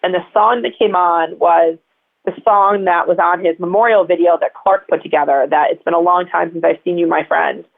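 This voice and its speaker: Woman, interview guest, chatty rambling storytelling, gravelly voice, phone-line sound. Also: lowish voice, steady tone, moderate pace. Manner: chatty, rambling, full of fillers.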